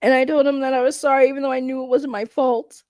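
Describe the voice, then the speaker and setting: A woman's voice: high voice, flat delivery, darkish tone, no room sound, pitched above the performer's own voice, lightly acted. A woman acting as a tearful young former coffee girl who stops often and chokes up. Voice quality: halting and choked up, with many pauses. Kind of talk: mock testimony acting.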